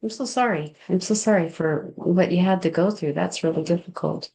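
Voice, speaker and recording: A woman's voice: fairly low pitch, fairly quick, gravelly, dark tone, low-quality recording. A woman hosting a podcast interview who responds with sympathy and reflects on what her guest shared. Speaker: podcast host. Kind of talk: interview chat.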